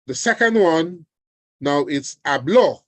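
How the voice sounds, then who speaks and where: A man teaching an online exam revision lesson, deliberate and often checking in with his students. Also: a little high, expressive, dry recording. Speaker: language teacher. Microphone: video call.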